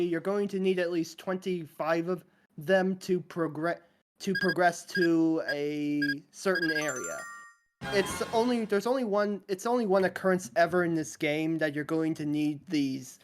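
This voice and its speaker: A woman's voice: on the low side, normal speed. A woman commentating casually while playing a video game, explaining things and often restarting her sentences. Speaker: game player. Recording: music playing behind.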